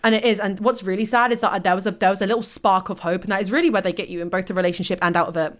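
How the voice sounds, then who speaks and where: Young woman, fast, heated, swearing, casual chat. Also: medium pitch, steady tone. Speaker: host.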